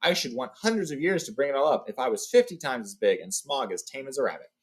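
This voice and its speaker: A man's voice: medium pitch, sing-song, quick pace, breathy edge. A man voicing a small, clever male hobbit burglar who speaks politely and in riddles. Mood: indignant.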